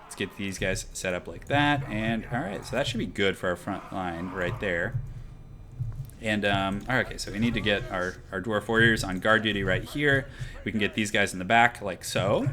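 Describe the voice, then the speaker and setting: A man's voice: on the low side, normal speed, pushed and bright, slight background noise. A young man casually chatting through a live stream while setting up a strategy game battle, rambling with lots of fillers. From half Irish heritage.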